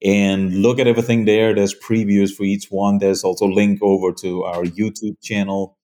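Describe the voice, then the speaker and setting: Deep-voiced man, earnest and halting. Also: flat delivery, dark tone. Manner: earnest, halting, many fillers and restarts. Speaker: hunting show creator, guest. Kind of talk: conversational interview.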